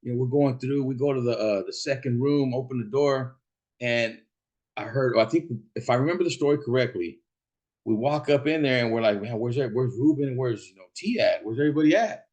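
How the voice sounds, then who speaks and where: A man's voice: fairly quick, dull audio. Profane man telling a rowdy story. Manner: profane, laughing, acts out quotes in a shouting high voice. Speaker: podcast host. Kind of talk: casual storytelling.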